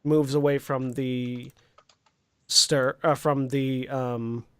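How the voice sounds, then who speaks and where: A man narrating a tabletop role-playing game as game master, pausing often and searching for words with many fillers. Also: mid-range voice, level tone, fairly bright tone, clean tone, dry recording.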